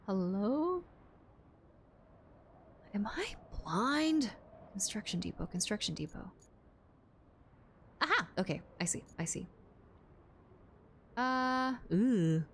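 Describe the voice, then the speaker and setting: A woman's voice: medium pitch, lively intonation, slow pace, long pauses, slight background noise. A woman streaming a game live, chatting playfully with her viewers and laughing often. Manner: playful, giggly, talks to chat while playing. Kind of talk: casual live-stream gaming chat.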